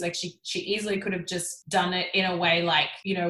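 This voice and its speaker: A young woman casually retelling a book's plot, animated and full of "like," as a podcast co-host. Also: on the low side, fast talker, hardly any pauses, reverberant, rough recording. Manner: chatty, animated retelling with frequent "like". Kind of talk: casual chat.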